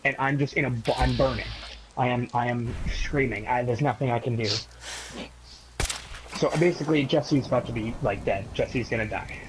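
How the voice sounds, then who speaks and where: A young man casually telling a long story to a friend in a rambling, profane, animated way. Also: medium pitch, moderate pace, background noise.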